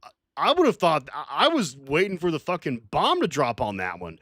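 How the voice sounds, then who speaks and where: Heated, lively-voiced male streamer. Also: a little high, normal speed, no room sound, studio quality. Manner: profane, rambling, heated. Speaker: streamer reading live chat. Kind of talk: casual livestream rant.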